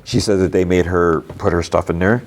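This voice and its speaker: A man's voice: low voice, steady tone, normal speed, slight background noise. A man hosting a podcast, casually retelling a TV episode in a rambling way, full of "like" and acted-out quotes. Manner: rambling, heavy use of "like", acts out quotes. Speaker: podcast host. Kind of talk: casual movie and TV recap.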